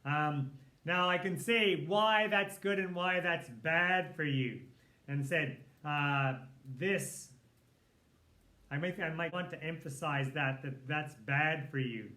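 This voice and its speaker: A man's voice: fairly high pitch, takes it slowly. A man teaching a writing lesson, talking casually and thinking aloud as he edits a sample text. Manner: relaxed, thinking aloud with fillers. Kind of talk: recorded lesson walkthrough.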